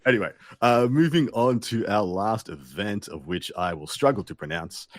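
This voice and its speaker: A man's voice: lowish voice, animated, normal speed, no echo, clean studio sound. A man co-hosting a casual gaming podcast, laid-back, rambling and jokey. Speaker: co-host.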